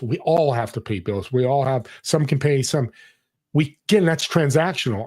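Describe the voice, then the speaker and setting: At a normal speed, a middle-aged man with a medium-pitched, darkish voice and lively intonation tells a personal story on a podcast as a guest. He's earnest and motivational in this conversational storytelling, acting out the people he quotes.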